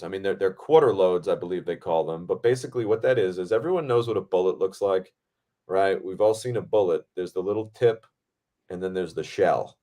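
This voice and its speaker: A man hosting a podcast, telling a set story in a casual, animated way, with frequent swearing and fillers. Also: low-pitched. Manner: animated, profane, lots of fillers. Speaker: podcast host.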